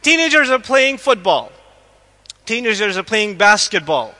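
A man giving an animated religious lecture to a live audience, questioning listeners and acting out quotes. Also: sits high, a little slow. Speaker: Islamic lecturer. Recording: echoey hall.

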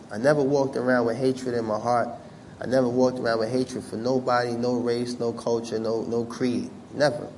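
There's a little hiss or hum under this man's mid-range voice as he addresses an audience with a comic story. He keeps it animated and conversational, with many fillers, and voices the other characters himself.

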